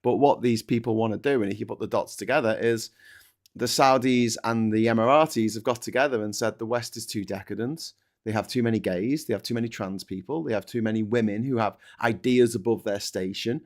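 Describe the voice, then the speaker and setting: A man's voice: fairly low pitch, brisk. A man hosting a casual political chat show, sarcastic and sweary, slipping into mocking voices. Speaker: podcast host.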